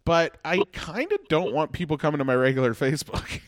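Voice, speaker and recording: A man's voice: a little high, lively intonation, brisk, no room sound, studio quality. Rambling, profane comedian man. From Halifax, Canada. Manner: rambling, profane, self-mocking. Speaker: comedian and podcast host. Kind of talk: casual chat.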